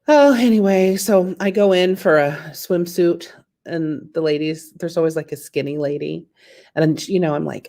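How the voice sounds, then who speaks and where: A woman's voice: lowish voice, moderate pace, creaky, mellow. A woman doing a chatty, self-deprecating stand-up comedy set over a video call, with lots of fillers.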